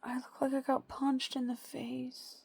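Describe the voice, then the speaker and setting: A woman vlogging at home while she has a migraine, talking softly and tiredly and cooing at her dogs. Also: sits high, monotone, measured pace, gravelly, breathy edge. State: suffering a migraine. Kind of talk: casual vlog talk to camera and dogs. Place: at home indoors.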